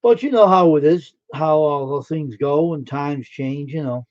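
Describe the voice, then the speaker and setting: A man's voice: a little high, measured pace, lo-fi sound. A man hosting a live stream, chatting casually and folksily with his viewers and answering their comments.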